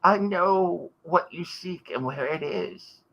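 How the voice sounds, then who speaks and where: A man's voice: fairly high pitch, sing-song, slow, dull audio, pitched above the performer's own voice, full character voice. A man playing a seductive chained demon, sweet coaxing tone, tabletop game figure.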